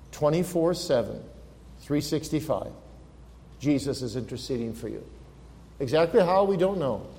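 A man preaching a sermon as pastor, earnest, slowing and swelling when he quotes scripture. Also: fairly high pitch, dark tone. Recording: long reverb of a large hall.

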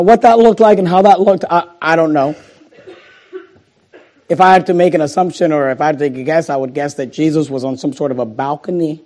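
A male pastor preaching a sermon and reading scripture, moving between loud emphasis and hushed, slowed lines. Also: fairly high pitch. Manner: dramatic swings between loud emphasis and hushed, slow delivery.

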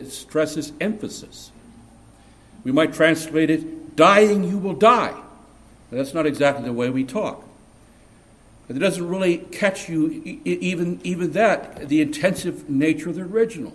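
A man preaching a verse-by-verse sermon, emphatic and building to loud peaks, with frequent restarts of words. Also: a little high. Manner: emphatic, rising to loud peaks on key points; repeats and restarts words mid-phrase. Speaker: pastor. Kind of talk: expository sermon.

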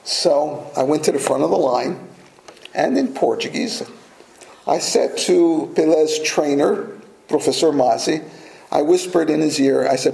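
Pastor, male, a touch high-pitched and mellow, storytelling sermon with light laughs, echoey room. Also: a little slow, gravelly. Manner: storytelling, with small laughs and restarts.

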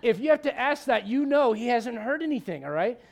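A man with a high, light voice preaches in an animated, chatty way. He jumps between scripture and everyday asides, often restarting his sentences as he goes. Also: brisk, gravelly. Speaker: pastor. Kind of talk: sermon.

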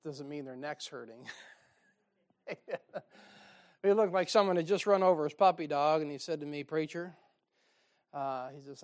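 A male pastor delivers a sermon in a fairly high voice. He tells folksy stories and slips in dry, sarcastic asides. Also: moderate pace, long pauses, smooth.

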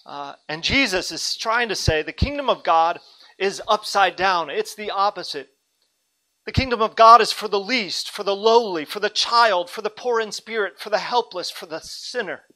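Male pastor, thirties, earnest dynamic preacher, crisp bright tone. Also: high voice, animated, moderate pace, low-quality recording. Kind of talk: sermon.

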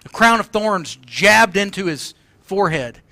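A man delivers a sermon with passion and emphasis, crying out the lines he quotes. His voice sits high and bright. The sound is dry and close, with no room around it. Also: animated, unhurried, no room sound. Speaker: pastor.

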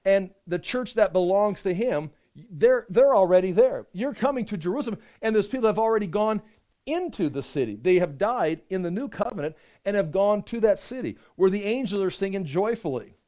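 A man preaching a sermon, animated, acting out quick voices and asides as he reads and explains scripture. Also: sits high. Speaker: pastor.

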